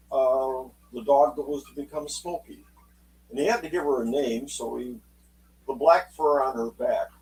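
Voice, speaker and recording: A man's voice: medium pitch, darkish tone, far from the mic, rough recording. A man recounts a story at a leisurely pace in a folksy, conversational manner. His voice sits a bit away from the microphone, with a faint hum underneath. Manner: unhurried, folksy, acts out quotes in dialogue. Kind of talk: spoken oral storytelling.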